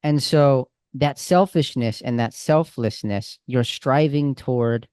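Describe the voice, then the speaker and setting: A man coaching someone in a casual, animated way with friendly slang. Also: mid-range voice, slow pace, clear, resonant tone, dry recording, studio quality. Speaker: communication coach. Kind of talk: coaching over a call.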